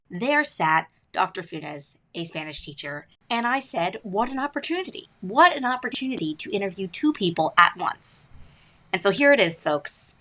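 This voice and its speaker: A woman's voice: fairly low pitch, sharp tone, rough recording. A woman hosting and narrating a podcast intro in a playful, wry scripted style.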